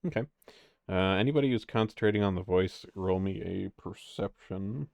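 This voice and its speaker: A man's voice: deep voice, moderate pace, vocal fry, darkish tone, no echo. A man narrating as game master of a tabletop game, rambling with lots of fillers.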